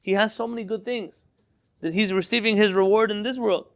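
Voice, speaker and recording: A man's voice: high voice, fairly even intonation, brisk, clean tone. A man teaching a Torah class, reading Hebrew text aloud, translating it line by line into English and quizzing his students.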